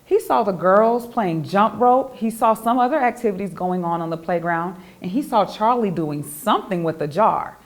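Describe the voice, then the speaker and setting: A woman, the author, reading her children's picture book aloud in an expressive, animated storytelling voice. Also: medium pitch, normal speed, hardly any pauses.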